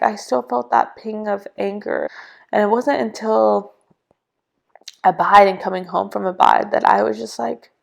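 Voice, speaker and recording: Young woman with vocal fry, chatty testimony. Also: mid-range voice. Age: young adult. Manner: chatty, filler-heavy, acts out quoted dialogue. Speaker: podcast guest. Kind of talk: casual personal testimony.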